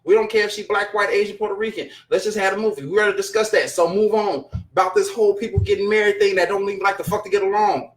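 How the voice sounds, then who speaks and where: High-voiced man ranting bluntly. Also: fairly even intonation, quick pace, hardly any pauses. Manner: blunt, profane, exasperated ranting. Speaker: show host reading chat. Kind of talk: casual live-stream commentary.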